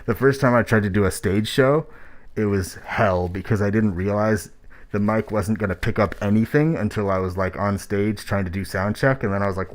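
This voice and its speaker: Blunt, rambling man with a muffled voice. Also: fairly low pitch. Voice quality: muffled by a mask. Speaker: host reviewing rap tracks. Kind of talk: casual spoken critique.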